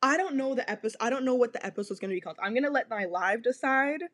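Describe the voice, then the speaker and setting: Podcast host lady, high voice, swears a lot, keeps repeating herself. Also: lively intonation, fast, a bit bright. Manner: blunt, profane and repetitive. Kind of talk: casual podcast rant.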